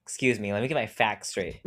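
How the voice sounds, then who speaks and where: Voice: mid-range voice, bright, forceful tone. A young adult podcast co-host telling a casual story in a rambling way, with lots of "like" and frequent laughter.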